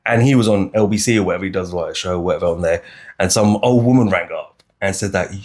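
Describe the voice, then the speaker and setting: British man, animated podcast debate, low-pitched voice, restarts and acted-out quotes. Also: fast. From United Kingdom. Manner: animated, acts out other people's lines, frequent restarts. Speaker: podcast co-host. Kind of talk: casual debate chat.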